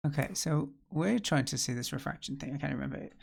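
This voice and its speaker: Gravelly man streaming casually. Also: fairly high pitch, fast talker, slight background noise. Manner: chatty, thinks aloud, self-deprecating. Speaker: livestream host learning game development. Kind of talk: casual live-stream chat while working.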